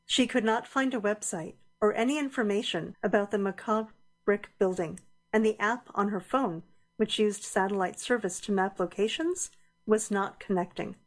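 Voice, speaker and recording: A woman narrates an audio drama in a measured, deliberate way. Her voice sits at an average pitch.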